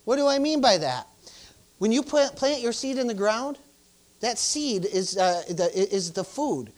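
Speaking a little slowly in an animated, medium-pitched voice, a pastor gives an informal sermon. He peppers it with "praise the Lord" and "hallelujah" and urges the congregation with real emphasis.

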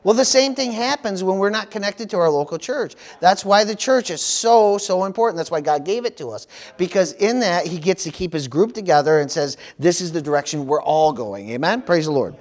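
A man's voice: sits high, lively intonation, a little fast, a little mellow. A middle-aged man from the United States preaching a sermon as pastor, peppering his talk with "praise the Lord" and "amen.".

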